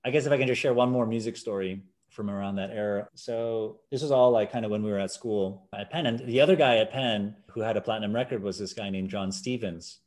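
This animated storyteller, a man in his forties appearing as a podcast guest, talks at a quick clip and mimics quoted voices with abrupt high pitch leaps. The feel is a laid-back guest-and-host chat full of casual stories.

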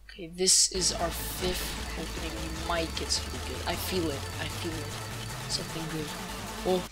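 A woman hosting a gaming channel, giving excited case-opening commentary, gasping, exclaiming and swearing freely. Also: low voice, normal speed, heavy background noise.

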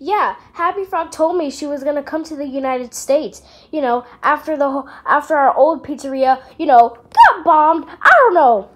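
A woman's voice: high-pitched, animated, moderate pace, few pauses. Woman doing snappy bickering voices. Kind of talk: amateur character voice acting.

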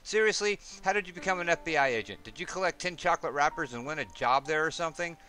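A man reading the lines of a sharp-tongued, teasing woman FBI agent in a video game. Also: on the high side, expressive, quick pace, pitched above the performer's own voice.

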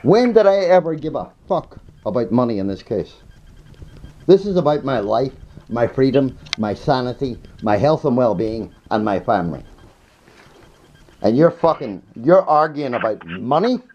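Brief: furious New man in a heated confrontation, swearing, pressing accusations, mid-range pitch. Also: expressive, moderate pace, a little mellow, dull audio. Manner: angry, accusing, swearing, repeating questions. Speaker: complainant confronting his advocate.

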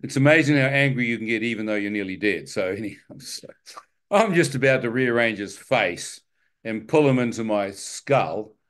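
A man giving a personal testimony as a lively storyteller, self-mocking and chuckling as he goes. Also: lowish voice, normal speed. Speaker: testimony speaker.

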